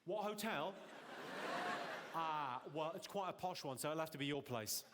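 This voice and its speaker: A man doing live stand-up comedy on stage, teasing the audience with quick deadpan insults. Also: a little high. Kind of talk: live stand-up with crowd work. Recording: loud audience laughter and noise.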